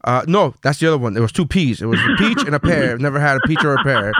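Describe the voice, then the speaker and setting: A man's voice: mid-range voice, animated, fast, a bit bright, dry recording, clean studio sound. A man in casual podcast chat, rambling with many fillers and restarts and swearing freely. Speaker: podcast co-host, comedian.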